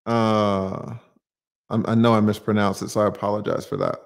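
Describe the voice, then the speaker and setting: A man's voice: on the low side, little pitch movement, normal speed, clean tone. A man hosting a livestream, talking emphatically to viewers, firing off rhetorical questions and casual swearing while he answers their comments.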